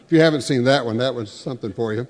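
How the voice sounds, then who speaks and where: A man's voice: mid-range voice, fast, big-room sound. A man emceeing an awards luncheon, introducing guests and telling folksy jokes with frequent restarts. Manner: folksy, with self-correcting restarts. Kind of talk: joke-telling emcee remarks. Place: large banquet hall.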